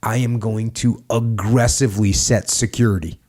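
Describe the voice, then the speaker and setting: Man, low voice, podcast host, emphatic, casual conversation. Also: fairly even intonation, normal speed, darkish tone. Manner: emphatic, acts out barked orders.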